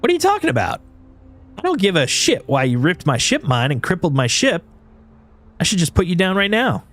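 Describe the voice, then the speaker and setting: A man voicing a fierce, hot-tempered armored woman fighter who shouts threats in a video game. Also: on the high side, sing-song, normal speed, pitched above the performer's own voice. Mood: furious.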